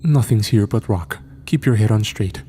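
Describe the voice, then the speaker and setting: Curt army sergeant, as a male narrator puts him on, clipped orders, low mellow voice. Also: moderate pace, slight background noise, natural voice. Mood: stern.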